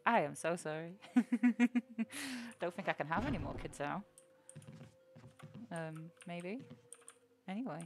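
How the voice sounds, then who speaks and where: A woman's voice: on the low side, animated, measured pace, pauses often. A young woman streaming a horror game, giggling often, swearing, and talking to her chat. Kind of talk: live-streamed gameplay chatter.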